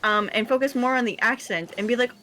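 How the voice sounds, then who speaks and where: A woman streaming, chatting casually over games, swearing freely and telling animated stories. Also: on the high side, fast talker. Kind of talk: casual gaming chat.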